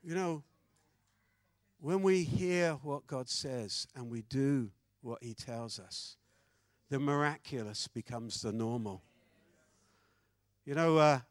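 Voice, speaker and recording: A man preaching a sermon, telling a story with animated swings between loud declarations and hushed asides. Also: mid-range voice, no echo.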